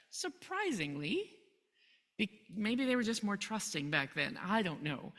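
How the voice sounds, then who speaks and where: A woman's voice: mid-range voice, sing-song, a little slow, bright, forceful tone. A woman pastor preaching a sermon, retelling a Bible story in a chatty, conversational way and chuckling often. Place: church. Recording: long hall reverb.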